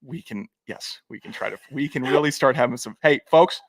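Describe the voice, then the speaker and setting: A man's voice: medium pitch, a little fast, creaky, a bit bright, breathy edge. A young adult man co-hosting a casual sports podcast, joking and rambling with restarts. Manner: rambling, joking, self-correcting. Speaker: podcast co-host. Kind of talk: casual chat.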